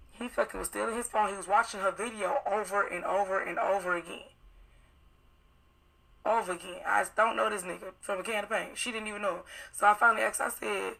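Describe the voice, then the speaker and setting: A young woman with a gravelly, bright voice recounts a night out in loose, profane storytelling. She acts out the other people's lines as she goes. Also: medium pitch, poor audio. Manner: profane, rapid storytelling acting out quoted dialogue. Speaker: witness telling her account. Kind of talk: casual recounting on live video.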